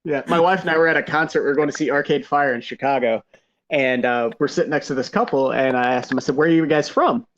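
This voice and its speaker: A man from Michigan hosting a podcast, telling stories in a relaxed, laughing way. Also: on the high side, quick pace, a crowd in the background. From Grand Rapids, Michigan. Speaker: podcast host. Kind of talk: casual chat. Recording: slightly dull lo-fi sound.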